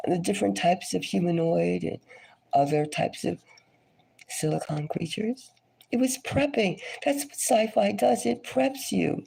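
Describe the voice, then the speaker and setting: A woman giving a casual tarot reading, her voice scratchy and hoarse from a cold, rambling and dropping now and then into a whisper. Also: on the low side, warm tone. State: hoarse, getting over a cold. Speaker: tarot reader.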